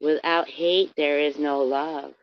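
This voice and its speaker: A woman with a low voice live-streams, chatting casually with viewers and greeting people in her chat by name as she rambles, swears and tells a story. She speaks slowly with fairly even intonation, over dry, dull, lo-fi stream audio.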